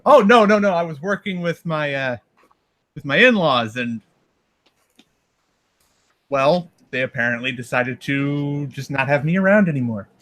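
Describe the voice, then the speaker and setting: Bright, sardonic young man. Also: fairly high pitch, animated, unhurried, pauses often. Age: 20s. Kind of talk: casual voice chat.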